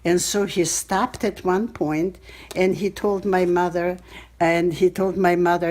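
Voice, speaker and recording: A woman in her eighties from Belarus, telling personal stories in an interview, halting and searching for words, recorded on a cell phone. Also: on the low side, level tone, darkish tone. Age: 80s. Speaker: Holocaust survivor interviewee.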